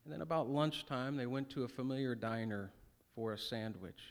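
A pastor giving an earnest, conversational sermon with folksy asides. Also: male voice, mid-range voice, normal speed. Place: church sanctuary. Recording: reverberant church sanctuary.

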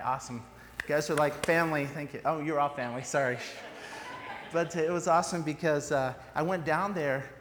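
A man preaching an informal sermon in a church, chatty and joking, with fillers and restarts. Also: mid-range voice. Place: church sanctuary. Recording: reverberant church hall, faint background noise.

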